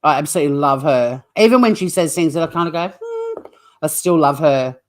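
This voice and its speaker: Speaking fast in a deep voice, this true crime channel host talks to her livestream audience in a blunt, casual way. She curses freely and rambles while responding to the chat.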